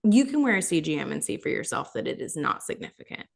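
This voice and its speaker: Woman, podcast co-host, casual chat, friendly explainer, lowish voice. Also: very animated, fast, vocal fry. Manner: friendly, explanatory, practical advice.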